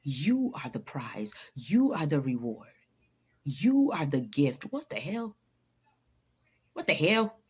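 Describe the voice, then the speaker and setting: A motivational vlogger with a low, darkish, slightly rough voice speaks slowly with big pitch swings and frequent pauses. Emphatic and preachy, she swears freely, repeats her points for emphasis and laughs often.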